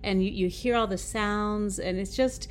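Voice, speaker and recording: A woman from the United States co-hosting a podcast, chatting in an animated way and laughing often. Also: mid-range voice, unhurried, slight background noise. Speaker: podcast co-host. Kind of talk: casual chat.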